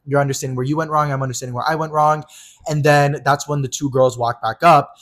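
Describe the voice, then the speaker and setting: A man's voice: fairly high pitch, steady tone, quick pace, fairly bright tone. A man co-hosting a podcast, telling a heated personal story in casual, profanity-laden chat. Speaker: podcast co-host.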